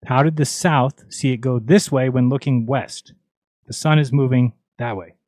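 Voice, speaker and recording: A man's voice: medium pitch, moderate pace, darkish tone, no echo, clean studio sound. A man hosting a livestream, talking casually in an exasperated, mocking, argumentative way. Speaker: livestream host. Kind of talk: casual ranting livestream talk.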